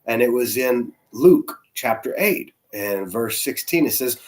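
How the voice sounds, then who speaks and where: A man, a church's senior spiritual leader, preaching in a conversational, animated storytelling way with soft asides. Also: medium pitch, unhurried, hardly any pauses. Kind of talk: storytelling sermon.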